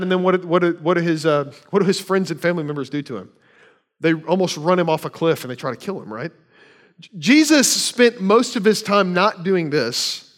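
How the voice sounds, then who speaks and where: Conversational pastor preaching a sermon. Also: male voice, a little high. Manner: conversational preaching with rhetorical questions and asides.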